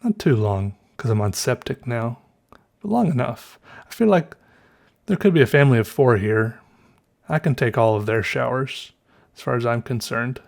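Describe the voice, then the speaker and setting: Southern US male podcast host, easygoing rambling monologue, mid-pitched voice, thinks aloud and corrects himself. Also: normal speed. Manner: rambling, musing, self-correcting, chuckles often. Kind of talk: casual solo podcast monologue.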